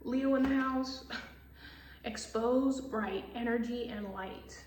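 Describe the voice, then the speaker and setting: Woman tarot reader, blunt and cussing, higher voice, echoey room with faint hiss. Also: takes it slowly, darkish tone, distant mic. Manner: blunt, profane, exasperated, laughs often. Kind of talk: casual tarot reading.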